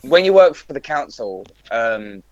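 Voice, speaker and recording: A man's voice: mid-range voice, very animated, a little slow, darkish tone, no echo, low-quality recording. A young man hosting a casual podcast chat, crude and joking in his banter. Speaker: podcast host.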